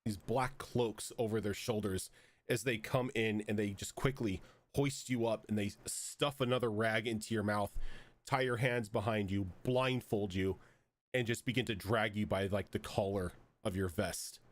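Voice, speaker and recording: A man's voice: on the low side, steady tone, moderate pace. Rambling man running a tabletop game. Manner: rambling, many fillers and restarts. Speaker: game master.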